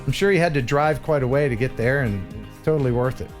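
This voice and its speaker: A man hosting a casual livestream chat, animated and quick to chuckle while he tells stories. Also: mid-range voice. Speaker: livestream host. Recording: faint music behind.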